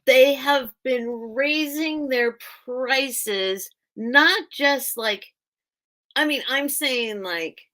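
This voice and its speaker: Casual live-sale host, a woman, rambling and giggly, with a bright voice and a slow, leisurely delivery. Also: high voice. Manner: rambling, chatty, laughs often, loses train of thought. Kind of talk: casual live-stream chat.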